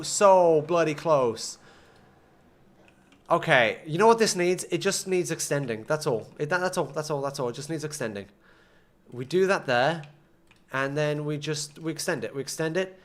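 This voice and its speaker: Young guy gaming, bright kinda high voice, mutters and grumbles, keyboard typing behind. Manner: mutters to himself, bursts of frustration. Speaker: gaming streamer. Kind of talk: casual gameplay commentary.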